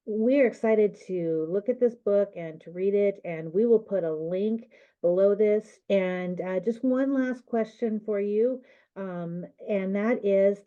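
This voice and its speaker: A woman hosting a conversational interview, asking questions and giving brief, encouraging responses. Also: mid-range voice. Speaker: interview host. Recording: dull lo-fi sound.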